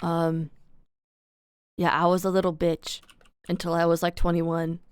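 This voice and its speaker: A woman's voice: lowish voice, completely flat delivery, a little slow, clear, resonant tone, no echo. A young adult woman live streaming, chatting candidly and confessionally to her viewers in slangy, casual talk on a close desk mic. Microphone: desk mic close to the mouth.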